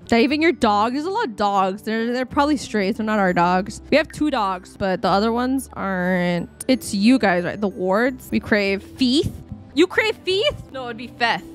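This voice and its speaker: A woman's voice: mid-range voice, animated, normal speed, hardly any pauses, soft background music. A young woman casually chatting and reacting aloud as she live-streams a life-simulation game, rambling and talking to her chat.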